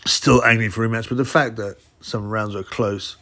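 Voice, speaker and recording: A man's voice: fairly low pitch, steady tone, moderate pace, fairly bright tone. Rambling male host, casual solo commentary with many restarts. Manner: rambling, restarts, mock voices for quotes. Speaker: boxing channel host.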